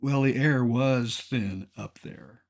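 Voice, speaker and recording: An older man, a mountaineer, narrating a slideshow in a scripted way, with dry, deadpan humor. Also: mid-range voice, takes it slowly, creaky.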